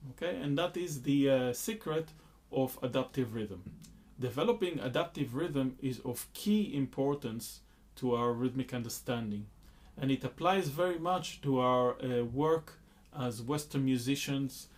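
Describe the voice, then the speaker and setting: A man's voice: mid-range voice, unhurried. A man teaching a rhythm lesson, patiently explaining beats and counting rhythm syllables aloud. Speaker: music teacher.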